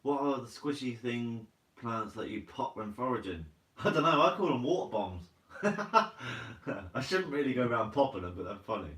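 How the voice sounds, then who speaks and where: Bloke on a live chat, laughs a lot, calls everyone mate, roomy echo and a mic a bit far off. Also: male voice, mid-range voice, animated, normal speed, a bit bright. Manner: laid-back, chatty, laughs often, says mate a lot. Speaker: live stream host. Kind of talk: casual live chat reading viewer comments. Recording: roomy sound from a distant mic.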